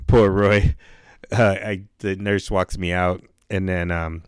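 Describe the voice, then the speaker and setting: Laid-back man with a smooth, lowish voice. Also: little pitch movement, takes it slowly, no echo, studio quality. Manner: laid-back, slangy, swears freely, laughs through the story. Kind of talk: casual storytelling chat.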